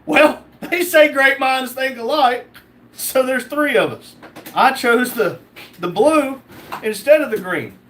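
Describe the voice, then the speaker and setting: A man's voice: very high voice, slow pace, a bit bright, slight background noise. A man hosting a casual livestream, reading out chat comments and joking back.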